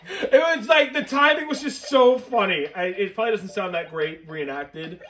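A man's voice: high-pitched, moderate pace. A man co-hosting a let's play, joking and swearing in casual gameplay banter. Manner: joking, animated, swears often. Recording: game music behind.

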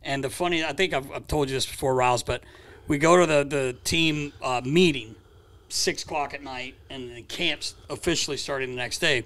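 A man co-hosting a podcast, telling stories in a relaxed casual chat and mimicking the people he talks about. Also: mid-range voice, moderate pace. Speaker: podcast co-host.

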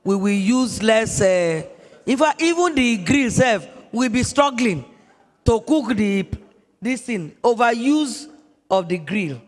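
A woman's voice: fairly high pitch, expressive, takes it slowly, big-room sound. A woman pastor with a Nigerian accent telling a story in a sermon, repeating phrases for emphasis.

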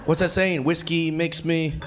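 High-voiced man doing live stand-up. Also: a little slow. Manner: animated storytelling, mocking voices, self-assured. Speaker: stand-up comedian. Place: comedy club stage with audience laughter. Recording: loud crowd noise, club ambience.

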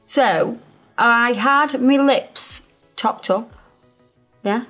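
With faint music behind her, she talks extremely slowly in a slightly high, a bit bright voice. The nail technician and channel host, a Midlands woman with a slight lisp, chats through a tutorial, explaining the steps as she works.

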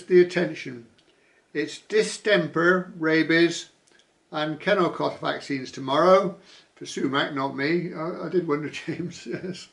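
Man, casual vlogger, reads out comments, chuckles a lot, raspy fry, a bit high. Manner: chuckles often, dry asides. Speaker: vlogger reading viewer comments. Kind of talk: casual chat reading comments aloud.

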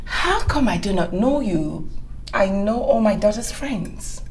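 A woman's voice: mid-range voice, expressive, a little slow, slight background noise. An actress playing a proper, inquisitive middle-aged mother who scolds rudeness and quizzes her daughter's friend. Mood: prim. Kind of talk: Nollywood film acting.

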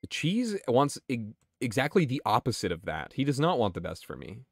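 A man's voice: medium pitch, very animated, brisk, gravelly, no echo, clean studio sound. A man streaming a game, talking casually and swearing while he answers his chat. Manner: chatty and profane, answering chat. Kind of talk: casual gameplay commentary.

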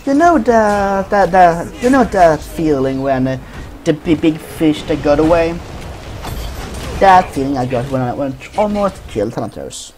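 A man's voice: fairly high pitch, animated, unhurried, a little mellow, a little hiss or hum. A man giving profane commentary over his own gameplay, trash-talking opponents. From Sweden. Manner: swears a lot, trash-talks opponents. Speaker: gaming commentator.

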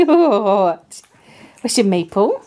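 Young woman, slow, singsong baby talk to her dog, giggly, handheld camera at home, faint dog noises behind. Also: medium pitch, big pitch swings, warm tone, slight background noise. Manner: gushing baby talk with frequent gasps and giggles. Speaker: vlogger. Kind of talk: casual vlog talk to her pet dog. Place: at home indoors. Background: dog sounds.

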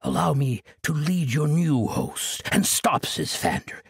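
A man voicing a proud, menacing male ice demon lord in an audiobook, with a deep, gravelly voice. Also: sing-song, a little slow, exaggerated voice. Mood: grim.

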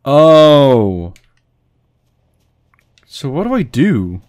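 This gaming host's voice sits on the low side, expressive and measured as he talks casually through a let's play on a desk mic on a stand. He curses, panics aloud, and pokes fun at himself.

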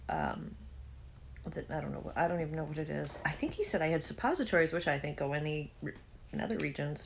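A woman with a low voice chats casually to her camera, telling a personal story. She rambles along with fillers and little restarts, acting out what others said to her. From Southern United States. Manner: chatty, storytelling with quoted dialogue and fillers. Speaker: vlogger. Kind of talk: casual chat.

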